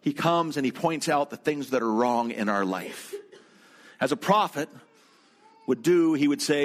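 A man's voice: mid-range voice, expressive, a little slow, long pauses. A man preaching a sermon as a pastor, telling a travel story in a conversational way and turning to speak directly to his congregation in the room.

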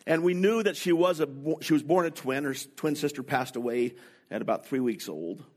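A middle-aged man from North America preaching a sermon, telling personal stories slowly and deliberately. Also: fairly high pitch, a little mellow. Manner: slow, deliberate, anecdotal delivery. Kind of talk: sermon storytelling.

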